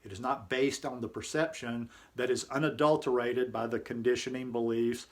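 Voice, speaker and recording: A man hosting his own daily channel, chatting casually from home and then reading an article aloud slowly. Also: medium pitch. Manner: relaxed and conversational, reads slowly and deliberately. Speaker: vlog host. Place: home, indoors.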